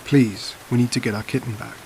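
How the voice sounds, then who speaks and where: A man's voice: medium pitch, steady tone, brisk, creaky, a little mellow, a little hiss or hum, lightly acted. A man voicing an insistent, menacing teenage boy. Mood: pleading. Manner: pushy, insistent, faintly threatening. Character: menacing teenage boy posing as a polite kid.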